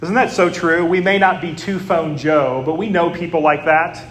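A man's voice: a little high, fairly even intonation, moderate pace, roomy sound. A man preaching a sermon as a pastor, in a conversational way with frequent "uh" fillers.

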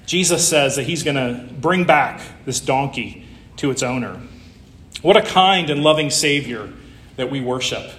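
A man's voice: medium pitch, a bit bright, a little hiss or hum. Man preaching in an echoey room. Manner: conversational, with rhetorical questions. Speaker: pastor. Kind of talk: sermon.

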